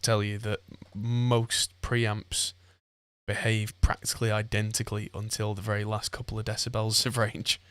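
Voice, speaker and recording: A man's voice: on the low side, little pitch movement, moderate pace, fairly bright tone, smooth, no room sound. A man hosting a podcast, chatting casually and rambling with frequent laughs. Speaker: podcast host. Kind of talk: casual chat.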